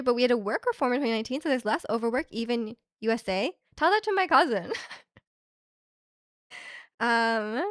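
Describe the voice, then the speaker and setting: A young woman from Canada chatting with her live stream audience, her voice sitting a little higher than most. She rambles through her thoughts with plenty of filler words and easy laughter. The sound is close and dry, with no room around it. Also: dry recording. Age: young adult. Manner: rambling, heavy use of "like" fillers, frequent laughs. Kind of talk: casual chat reading stream chat.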